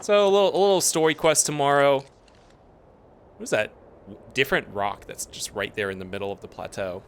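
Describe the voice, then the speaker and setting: A man's voice: mid-range voice, a little fast, a little hiss or hum. A man streaming a video game live, chatting casually, easily distracted, reacting to what is on screen.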